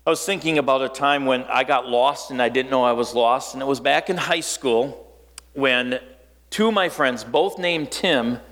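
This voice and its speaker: Guy from northern wisconsin preaching, chatty storytelling sermon, goes quiet and low for the big points, echoey hall. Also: normal speed. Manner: storytelling, conversational, dropping low and quiet for emphasis.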